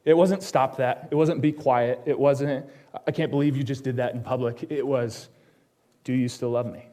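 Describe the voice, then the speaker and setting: A man preaching a personal sermon in a church, telling his story and turning to ask the congregation quick questions, going quiet and low on the solemn lines. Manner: drops to a hushed tone on solemn lines. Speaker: pastor.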